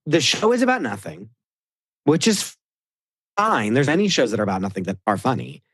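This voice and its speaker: A man in casual podcast conversation, his voice leaping up and down as he makes a point. He talks with a mid-range pitch, emphatic and playful, firing off rhetorical questions. The recording is close and dry, with no room around it. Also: very animated, a little fast, fairly bright tone, slightly rough, no room sound. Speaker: podcast co-host, guest. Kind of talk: casual chat.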